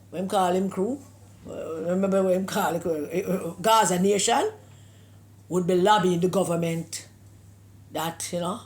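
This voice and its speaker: A woman's voice: on the low side, darkish tone. A Jamaican woman from Jamaica giving an emphatic political opinion monologue, with scornful rhetorical questions and slips into patois. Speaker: political commentator.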